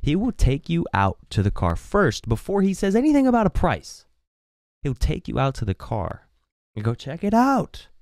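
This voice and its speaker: A young man tells a casual podcast story with a lively, swinging voice that leaps up for emphasis. He swears freely and rambles along. The sound is dry and close on the mic. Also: normal speed, dry recording. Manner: animated, swearing, swinging pitch. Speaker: podcast host. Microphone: podcast microphone.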